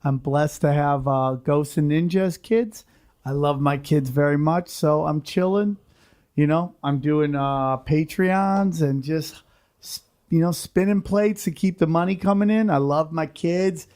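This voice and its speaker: A man's voice: a little high, a little slow, darkish tone. A man, a comedian guest in casual chat, laid-back and searching for words as he talks.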